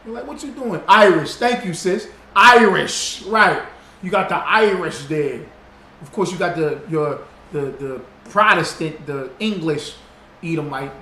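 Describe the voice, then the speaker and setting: Reading viewer comments on his livestream, a man greets people by name in a high, expressive, sharp voice, speaking a little slowly. He teaches casually and loosely, repeating himself to hammer points home, against a roomy echo and faint background noise.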